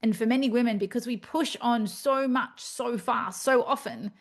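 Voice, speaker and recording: Candid, animated woman hosting a podcast. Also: a little high, normal speed. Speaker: podcast host. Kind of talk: reflective solo podcast monologue.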